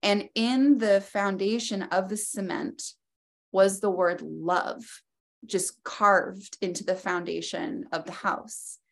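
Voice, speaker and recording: A woman's voice: mid-range voice, fairly even intonation, slow, creaky. A woman guest in an interview, telling a personal story in a reflective way, with loose phrasing and many fillers.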